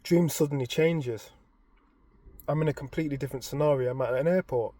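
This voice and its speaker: A man, casually retelling a story in an animated, expressive way. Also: fairly high pitch, fairly quick, no room sound. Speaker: vlogger.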